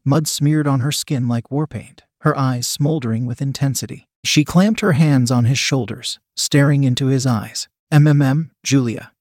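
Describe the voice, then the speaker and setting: A man narrating a work of fiction aloud in a steady, descriptive storytelling manner. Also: medium pitch, normal speed, hardly any pauses, no room sound, clean studio sound.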